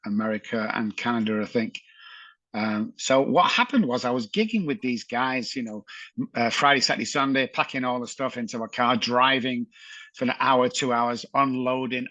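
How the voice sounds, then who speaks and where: Middle-aged Mancunian guest, bright and punchy, lively storyteller, dry recording. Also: male voice, medium pitch, moderate pace, no room sound. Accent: Manchester English. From England. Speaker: guest, addiction recovery expert. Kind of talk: podcast interview storytelling.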